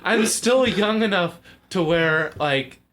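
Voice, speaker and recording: A young man with a slightly high voice tells a long story to his friends in a casual chat. He rambles, leans on fillers and laughs through his words. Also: slow pace, fairly bright tone.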